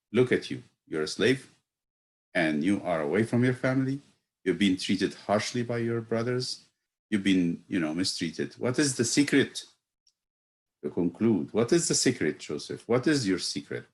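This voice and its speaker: Deep-voiced male priest, reflective teacher, halting delivery that rises into emphatic questions. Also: lively intonation. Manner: thoughtful, pausing with fillers, building to emphatic rhetorical questions. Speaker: priest teaching Bible study. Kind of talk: reflective Bible study lesson.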